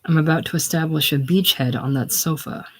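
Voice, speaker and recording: A solo reader voicing a tough, wisecracking young drifter man in a casual play reading, slow and wry. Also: medium pitch, fairly bright tone.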